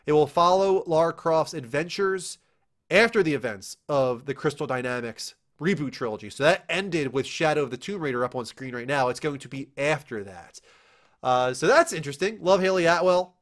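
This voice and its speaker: A young man hosting a casual entertainment news show, talking in an excitable, animated way with quick asides. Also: fairly high pitch. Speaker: show host.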